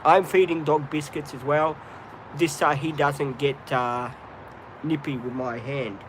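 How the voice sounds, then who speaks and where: A man's voice: on the high side, steady tone, a little slow, a little hiss or hum. A man hosting a casual live stream at home, rambling with lots of ums and breaking off to talk to his dog. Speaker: livestream host.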